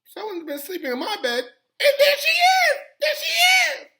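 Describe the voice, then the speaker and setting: A man voicing a small, crying boy bear cub in a high, wailing whine. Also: huge pitch swings, unhurried, sharp tone, full character voice.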